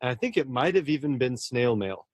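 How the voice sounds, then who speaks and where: A man's voice: mid-range voice, animated, fairly quick, background noise. A man, a horror novelist, talking earnestly and at length in a casual interview, often restarting his words.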